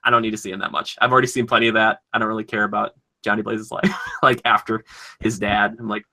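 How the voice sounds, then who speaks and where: Bright-voiced chatty podcast guy. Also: on the low side, flat delivery, quick pace. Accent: Minnesotan. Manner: enthusiastic, rambling, lots of "like". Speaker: podcast co-host. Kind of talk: casual chat.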